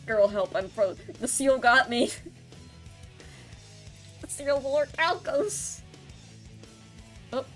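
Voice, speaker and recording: A woman's voice: sits high, animated, takes it slowly, pauses often, soft background music. A woman streamer chatting casually while she plays, rambling through a recap with many ums and restarts. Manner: rambling recap with filler ums and self-corrections. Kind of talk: casual gameplay stream chat.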